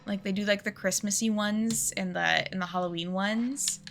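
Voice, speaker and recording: A woman streamer chatting casually while she plays a game, talkative and self-mocking and quick to laugh. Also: mid-range voice, steady tone, gravelly, a bit bright. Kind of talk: casual live-stream chat while gaming.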